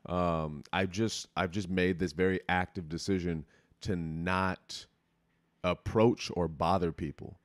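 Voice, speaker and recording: Young man with a low, deep voice talks in a loose, rambling, unfiltered way as a podcast host. He speaks close to the mic, and the sound is dry with no room echo. His chat is casual and swears freely. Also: fairly even intonation, slow pace. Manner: candid, rambling, profane.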